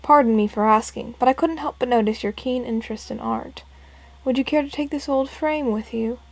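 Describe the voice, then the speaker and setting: A woman's voice: on the high side, very animated, a little fast, darkish tone, dry recording. A woman voicing a formal, courteous older male butler in a video game. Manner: courteous, stiff.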